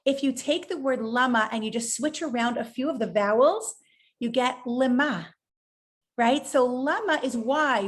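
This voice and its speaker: Woman, high-pitched, inspirational speaker, animated storytelling. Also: unhurried. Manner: animated storytelling, acts out quoted voices. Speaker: rebbetzin, guest speaker. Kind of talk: inspirational talk in an interview.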